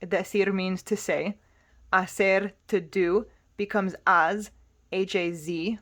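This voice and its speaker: A woman's voice: medium pitch, fairly even intonation, slow pace, a bit bright. A woman teaching a Spanish lesson, explaining patiently and spelling words out letter by letter.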